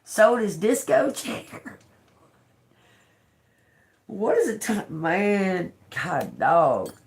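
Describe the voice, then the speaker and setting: An older woman doing a live tarot reading, talking slowly and bluntly with swearing, repeating words as she reads the cards aloud. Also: mid-range voice, huge pitch swings, creaky. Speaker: tarot reader.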